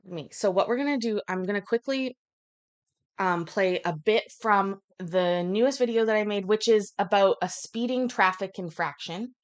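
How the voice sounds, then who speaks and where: A woman hosting a casual livestream, chatting loosely with many ums and asides. Her pitch sits in an ordinary middle range. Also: moderate pace. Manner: chatty, rambling, frequent fillers. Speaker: livestream host.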